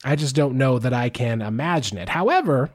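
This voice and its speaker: A man's voice: medium pitch, lively intonation, brisk. A man co-hosting a sports podcast, chatting casually and joking, with frequent restarts. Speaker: podcast co-host.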